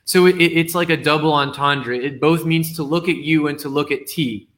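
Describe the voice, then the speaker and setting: A man's voice: on the high side, fairly even intonation, moderate pace, a bit bright. A man on a video call reading his poem and explaining its wordplay, hesitant and often restarting or repeating words. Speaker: poet guest.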